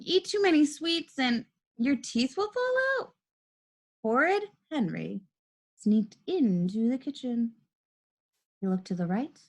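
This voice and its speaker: A woman reads a children's story aloud in an unhurried, deliberate rhythm, her pitch swinging widely from line to line. Her voice sits fairly high, and she acts out the characters in a lively, expressive way. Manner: lively, expressive reading with quick shifts for characters.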